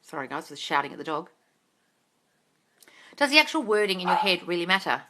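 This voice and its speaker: A woman in her forties answering viewers' questions on a phone livestream at home, blunt and exasperated, swearing and often shouting. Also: on the low side, very animated, brisk, long pauses, a little hiss or hum. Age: 40s. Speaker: manifesting coach answering live questions.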